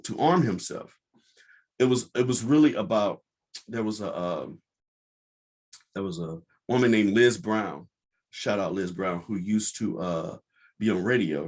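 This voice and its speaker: A man's voice: fairly low pitch, breathy edge. Blunt, profane male podcast host. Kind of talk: casual commentary monologue.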